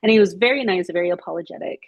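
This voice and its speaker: A woman telling a casual anecdote to her study group, animated and chatty, laughing often and acting out what people said. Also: fairly low pitch, racing, gravelly, husky, dry recording, dull audio. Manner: animated, chatty storytelling with frequent laughs and acted-out quotes.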